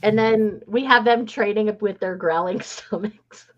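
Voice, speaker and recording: A woman's voice: mid-range voice, a little slow. A woman hosting a casual book club chat, gushing and acting out characters' lines. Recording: muffled lo-fi audio.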